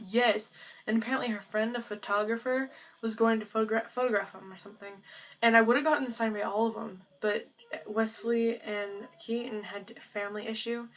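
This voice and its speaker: A teenage girl gushes to her camera in a chatty, filler-heavy vlog. Her voice sits at an ordinary pitch for a girl. She sounds set back a little from the microphone. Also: a bit bright, far from the mic, poor audio. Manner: gushing, chatty, lots of fillers. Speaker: vlogger. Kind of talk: casual chat to camera.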